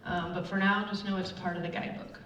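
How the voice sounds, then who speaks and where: Woman, middle-aged, casual sermon, animated storytelling, muffled, faint room hum. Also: on the low side, fast talker. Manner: chatty, animated storytelling with many fillers. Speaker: church speaker. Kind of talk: casual sermon with personal stories. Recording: roomy, distant, dull with faint room noise.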